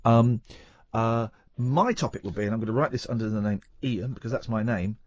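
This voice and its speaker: A man's voice: lowish voice, a little mellow, dry recording, muffled recording. A man hosting a radio show, chatting casually and teasing his co-host. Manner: playful, teasing, quick to joke.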